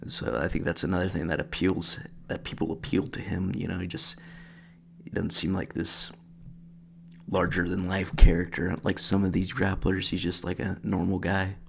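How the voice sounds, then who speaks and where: A man's voice: sits low, little pitch movement, moderate pace, gravelly, slight background noise. A man hosting his own channel, casually breaking down a grappling match in a rambling, filler-heavy way. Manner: rambling, filler-heavy, says "freaking" a lot. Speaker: channel host.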